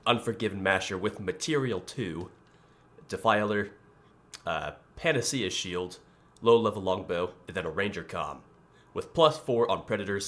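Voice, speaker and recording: A young man streaming a video game in a relaxed, rambling way, with a groggy morning voice, often clearing his throat. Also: on the low side. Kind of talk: casual live-stream chat.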